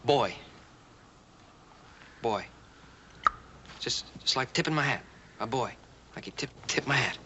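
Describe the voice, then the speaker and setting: An actor playing a patient man who coaxingly teaches a deaf girl sign language, repeating single words slowly, in 1960s TV western acting. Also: medium pitch, lively intonation, pushed and bright. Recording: noisy old TV soundtrack.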